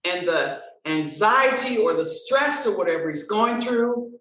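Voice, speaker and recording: A woman guest telling a story in an interview, animated and acting out the dialogue. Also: mid-range voice, unhurried, recorded from a distance. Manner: animated, expressive storyteller who acts out dialogue. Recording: roomy sound, from off-mic.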